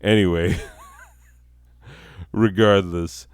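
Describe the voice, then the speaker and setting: A man's voice: low-pitched, fairly even intonation, very slow, smooth, dry recording, clean studio sound. A man hosting a comedy podcast, delivering a profane, sardonic satirical monologue and laughing at his own jokes.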